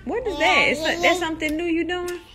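A woman's voice: extremely high pitch, fairly even intonation, a little fast, bright, forceful tone. A woman filming her children at home, coaxing and teasing them in a playful, casual way. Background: music.

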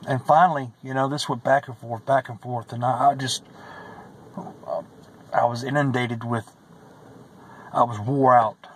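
A man's voice: medium pitch, steady tone, unhurried, long pauses, a bit bright, a little hiss or hum, low-quality recording. A man giving a personal religious testimony, earnest and emotional, who repeats phrases and sometimes drops to a whisper.

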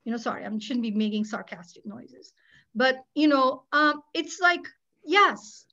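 A woman's voice: sits high, lively intonation, unhurried, sharp tone, dull audio. An older woman, a public interest lawyer, talking candidly and animatedly on a webinar panel, with sarcastic asides. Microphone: video call.

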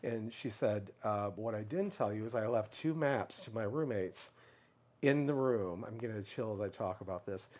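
A middle-aged man telling a long personal story in a casual interview, animated, and briefly raising his voice to act out what others said. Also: moderate pace. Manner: animated storyteller, acts out others' lines in a raised pitch. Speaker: guest speaker.

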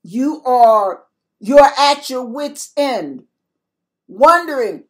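A woman's voice: sits high, expressive, very slow. An older woman giving a spoken devotional sermon to her viewers, emphatic and repetitive as she exhorts them. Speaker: christian video preacher.

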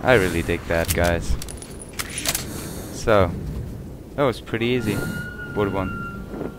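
A man who is a bit sick, giving excitable let's-play commentary and swearing often. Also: low-pitched, a little slow. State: sick, coughing. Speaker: gamer. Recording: noisy game audio.

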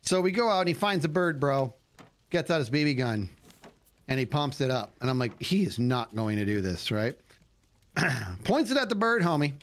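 A man's voice: fairly high pitch, moderate pace, pauses often. A man hosting a casual gaming stream, telling a story with acted-out quotes and frequent laughter. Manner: animated storyteller who acts out quotes and laughs.

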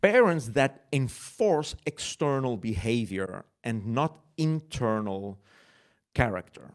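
Animated man preaching a sermon. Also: medium pitch, slow pace. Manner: animated preaching with rhetorical questions to the audience; conversational, with self-mocking laughs. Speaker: pastor.

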